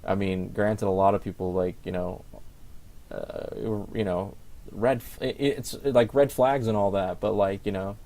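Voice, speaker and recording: A man's voice: lowish voice, steady tone, unhurried, mellow. A young man co-hosting a podcast in casual chat, rambling with lots of fillers and restarts. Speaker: podcast co-host.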